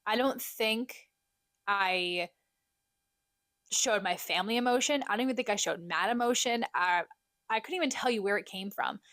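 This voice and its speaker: A woman's voice: medium pitch, moderate pace, pauses often, dry recording. Chatty young woman podcast host, dry sound. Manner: chatty, self-deprecating, animated storyteller. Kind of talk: casual solo catch-up chat.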